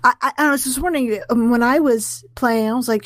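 A woman's voice: on the high side, a little fast, fairly bright tone, no echo. Woman, podcast panelist, blunt, casual swearing, dry sound. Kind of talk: casual game discussion.

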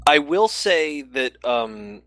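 A man's voice: fairly high pitch, big pitch swings, slow pace, a bit bright, no echo. A man co-hosting a casual game podcast, emphatic and swearing casually. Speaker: podcast co-host.

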